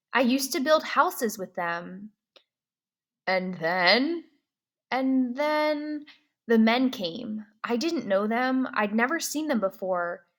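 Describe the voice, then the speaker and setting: A woman reading a novel aloud in the first person, pausing to ask comprehension questions, slow and clear. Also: high-pitched, bright, forceful tone. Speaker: reader.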